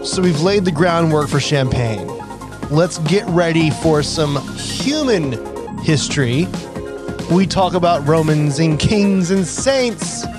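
A man hosting an educational wine podcast in a casual, chatty way, with self-deprecating asides and quick apologies. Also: on the high side, animated, music in the background. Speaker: podcast host.

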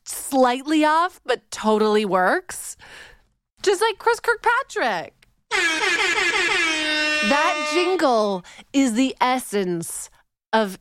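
A Canadian-born woman hosts a podcast with a playful, theatrical energy. Her voice sits a little high and sounds smooth and clear. The recording is close and dry. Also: dry recording. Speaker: podcast host. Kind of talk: casual podcast chat.

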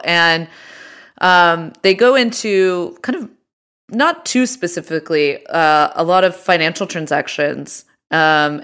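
A woman's voice: fairly low pitch, fairly bright tone, smooth. A woman co-hosting a podcast, chatting casually with lots of fillers and restarts. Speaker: podcast co-host. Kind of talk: casual chat.

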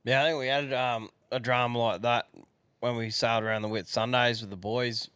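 A man's voice: mid-range voice, fairly even intonation, a little fast, a bit bright, clear, resonant tone, no echo. A man from Queensland with an Australian accent, co-hosting a casual podcast in a laid-back way with short interjections. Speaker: podcast co-host.

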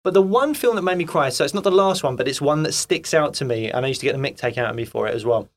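A man chatting casually as a guest actor, telling animated stories with lots of fillers and "mate". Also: mid-range voice, rapid-fire. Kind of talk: casual chat.

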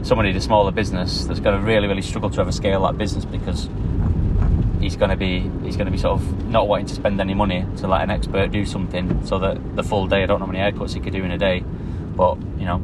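Man talking over loud traffic. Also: sits low. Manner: rambling, anecdotal, restarts often. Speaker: podcast host. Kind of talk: casual monologue. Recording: loud traffic noise outdoors.

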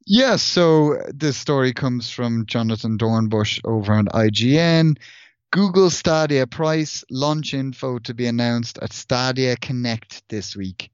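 This podcast co-host is a man with a mid-range voice and a measured pace, sounding smooth on a clean recording with no echo but with the highs cut off. He chats loosely about gaming and reads out news items, rambling with lots of restarts and fillers.

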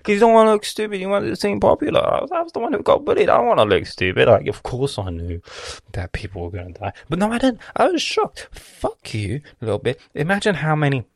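Gravelly man on a profane rant. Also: high-pitched, wildly swooping pitch, fast, dry recording, clean studio sound. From Lebanon. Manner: swears constantly, swings from loud outbursts to hissed whispers.

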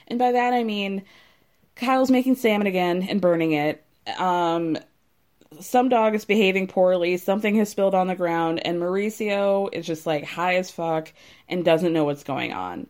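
A woman's voice: on the low side, a little mellow. A woman recapping a reality TV episode in a casual, gossipy way, swearing freely and filling her talk with "like.". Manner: chatty, gossipy, swears freely, frequent "like" fillers.

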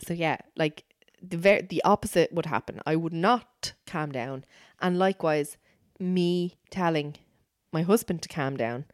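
Woman, low voice, dry close sound, casual emphatic chat. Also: unhurried, few pauses, dry recording. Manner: chatty, emphatic, repeats herself. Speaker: podcast co-host.

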